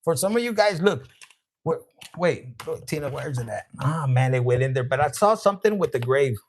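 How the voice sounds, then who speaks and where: Brisk and a bit high, this man's voice has lively intonation, with a faint hiss or hum on the recording. Reading tarot live, he swears, jokes, does voices and laughs as he talks to viewers by their names.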